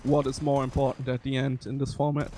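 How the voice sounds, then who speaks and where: A man casting a live esports match, calling the play quickly. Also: mid-range voice, flat delivery, dark tone, a little hiss or hum. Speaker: esports caster.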